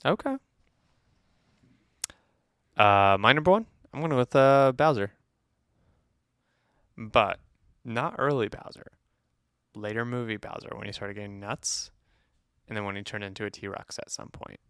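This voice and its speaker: A man's voice: on the low side, a little slow, long pauses, fairly bright tone, clean tone, no room sound, studio quality. A man co-hosting a movie review podcast, chatting casually and teasing his co-host with a playful, laughing manner.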